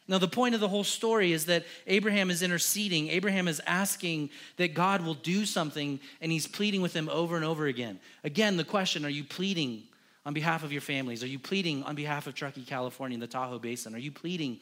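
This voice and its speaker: Male preacher, fiery and repetitive, drops to near-whispers then builds loud. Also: a little high, fast. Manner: impassioned, swings from hushed to loud, acts out dialogue; repetitive, emphatic lists. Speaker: pastor. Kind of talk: sermon. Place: church.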